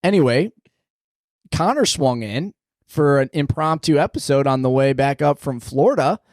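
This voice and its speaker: A man hosting a casual podcast in a small studio, upbeat and jokey, talking in quick bursts. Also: on the high side, lively intonation, darkish tone, dry recording. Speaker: podcast host.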